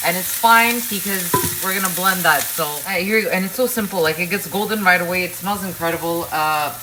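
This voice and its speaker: A woman with a mid-range voice runs an informal cooking demonstration at the stove, addressing viewers directly with blunt asides. The background is noisy, filled with a sizzling pan, stirring and clicks.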